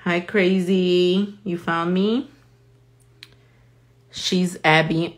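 On a live nail tutorial, this woman chats casually with viewers as she works, swearing freely and shifting between English and Spanish. Her voice is on the low side and a little slow.

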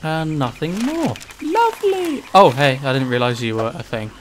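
A man commentating his own gameplay, ranting and swearing with sudden shouted outbursts. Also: mid-range voice, sing-song, normal speed, noisy background. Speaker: gaming channel host. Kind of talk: let's play commentary.

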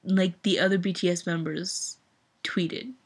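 A woman's voice: fairly low pitch, flat delivery, unhurried, husky. A young woman in an emotional vlog rant, upset and teary, talking with lots of "like". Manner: upset, filler-heavy with frequent "like". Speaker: fan vlogger.

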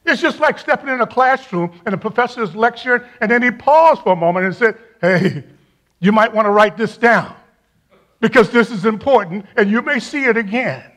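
An older man, a retired campus minister, preaching a chapel sermon, repeating key phrases for emphasis and often dropping into a quiet, intimate tone. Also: high voice, animated, fairly quick.

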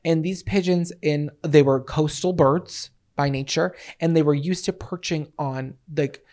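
A man co-hosting a podcast in casual chat, telling stories in an excitable, rambling, mock-dramatic way. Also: on the high side, measured pace. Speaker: podcast co-host.

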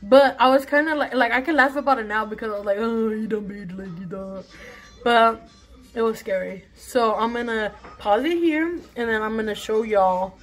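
Young woman, slightly high voice, casual storytime vlog, rambling, swears often, phone recording at home. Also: moderate pace. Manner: rambling, profane, chatty. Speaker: vlogger. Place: bathroom at home. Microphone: phone camera.

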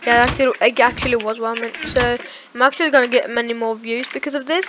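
A woman with a high voice chatters through casual gameplay commentary, excitable and prone to sudden outbursts and stumbling restarts. She talks into a headset mic, and steady noise, clicks and keyboard typing run underneath her. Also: fast talker. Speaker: gaming YouTuber. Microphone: gaming headset mic.

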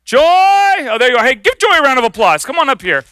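A male pastor preaching a sermon, telling stories with animated, acted-out voices. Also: very high voice, racing, a little hiss or hum. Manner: animated storytelling, acts out voices.

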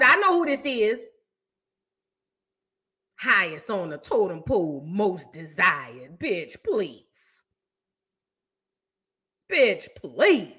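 Brash young woman host with a high, bright voice; profane, mocking gossip commentary. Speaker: host reacting to celebrity news. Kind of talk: unscripted livestream commentary.

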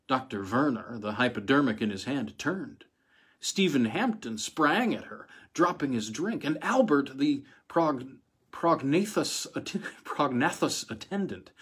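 Brief: male audiobook narrator, husky, mid pitch, dramatic measured pace. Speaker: audiobook reader.

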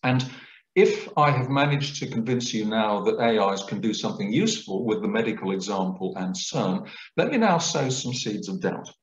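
A man giving a public lecture, explaining things clearly in a lecturing manner. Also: fairly low pitch, animated, moderate pace. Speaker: guest lecturer. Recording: roomy, dull lecture recording.

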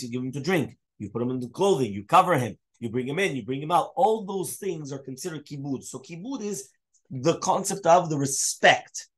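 A man, a rabbi, teaching a Talmud class, mixing Hebrew and Aramaic terms into his English and quizzing his students. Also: on the high side. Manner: asks students questions. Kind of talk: Daf Yomi Talmud class.

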